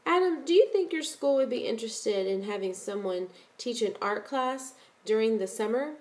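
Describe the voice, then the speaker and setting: A woman reading the part of a shy, friendly one-armed man of about forty, who asks soft, polite questions. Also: on the high side, expressive, normal speed, close to an everyday voice. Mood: gentle.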